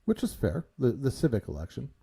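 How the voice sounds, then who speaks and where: A man in his sixties from Canada with a big booming voice, co-hosting a casual livestream chat and ranting bluntly with plenty of swearing. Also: wildly swooping pitch, a little fast, gravelly, warm tone, breathy edge. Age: 60s. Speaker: livestream co-host.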